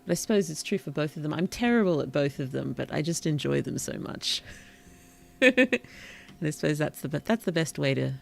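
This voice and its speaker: A streamer giving relaxed gameplay commentary in a gentle, whimsical, polite way, with puns and soft whispered asides. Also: mid-range voice, brisk, creaky. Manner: drops into soft whispers at times. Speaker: VTuber streamer and author.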